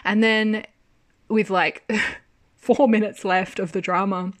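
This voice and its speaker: A woman giving a casual spoken review of a TV drama, animated and exasperated, swearing freely and laughing often. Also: mid-range voice, takes it slowly.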